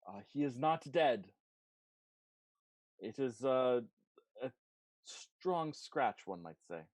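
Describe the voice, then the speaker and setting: A man narrating as game master of a tabletop game, relaxed and amused, with many fillers. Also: medium pitch, takes it slowly, dry recording.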